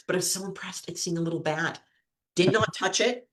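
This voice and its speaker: In a fairly low voice and at a brisk clip, a woman hosting a trivia show chats casually and tells rambling stories full of giggles. The recording sounds roomy and echoey.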